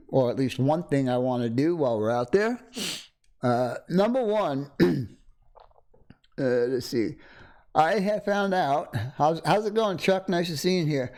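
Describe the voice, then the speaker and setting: A middle-aged man hosts a casual livestream from a home desk, speaking close to a condenser microphone. His voice sits a little high for a man, and he rambles easily, greeting viewers by name with frequent chuckles. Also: darkish tone. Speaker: livestream host. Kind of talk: casual live-stream chat.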